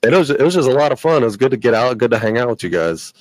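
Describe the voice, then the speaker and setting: A man's voice: medium pitch, expressive, very fast, no echo, low-quality recording. A man co-hosting a podcast, talking in a laid-back casual way, full of "dude" and "bro". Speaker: podcast co-host. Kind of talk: casual chat.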